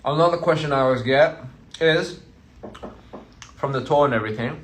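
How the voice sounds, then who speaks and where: A man's voice: a little high, moderate pace, long pauses, slight background noise. A man chatting casually on a phone live stream, playful and teasing, as a touring artist talking to his fans.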